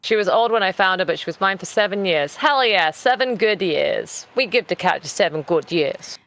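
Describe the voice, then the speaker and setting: A woman's voice: lowish voice, a little fast, fairly bright tone. Playful British woman streamer. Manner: playful, chatty, affectionate. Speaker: charity stream co-host. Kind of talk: casual stream chat and reading donation messages.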